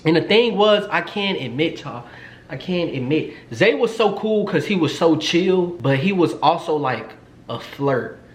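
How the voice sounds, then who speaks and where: A man in his twenties telling a story in a casual vlog, chatty and animated, swearing freely and joking around. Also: a little high, measured pace. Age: 20s. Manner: chatty and animated, swears a lot, jokes and teases. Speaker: vlogger. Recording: roomy echo, faint noise.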